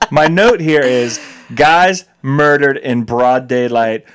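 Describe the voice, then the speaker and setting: Male co-host, casual recap, smooth voice, animated and incredulous. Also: medium pitch, takes it slowly. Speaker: podcast co-host. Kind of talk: casual movie-recap chat.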